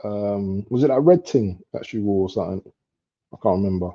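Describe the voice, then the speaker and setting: A young man chatting casually while he streams a football match live. He talks in street slang and breaks into excited outbursts at near misses. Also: lowish voice, brisk. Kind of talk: casual live commentary chat. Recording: dull lo-fi stream audio.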